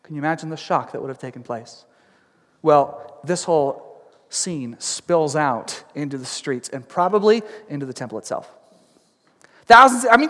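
A man with a fairly high voice preaches from a church sanctuary, and his words ring out with a long hall reverb. He tells the story in a chatty, lively way, full of asides, and slips into the voices of the people in it. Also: normal speed. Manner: animated storytelling, acting out crowd voices. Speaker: pastor. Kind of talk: sermon.

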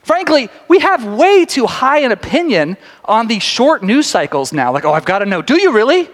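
A man preaching a sermon to a congregation in a church sanctuary, talking fast and chatty, cutting himself off and restarting. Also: very high voice, big pitch swings, a bit bright. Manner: fast, chatty and self-interrupting, often laughing. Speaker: pastor. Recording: long reverb of a large sanctuary.

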